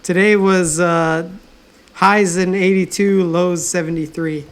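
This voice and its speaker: A man's voice: sits high, fairly even intonation, takes it slowly. A man co-hosting a casual podcast, laid-back and swearing casually. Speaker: podcast co-host. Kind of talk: casual chat.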